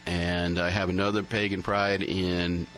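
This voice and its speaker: A man with a somewhat low voice chats casually about his music, often stalling on fillers and restarting his sentences. A faint hum sits behind him. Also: flat delivery, measured pace, a bit bright, poor audio. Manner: hesitant, many fillers and restarts. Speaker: musician guest. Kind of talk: casual interview chat.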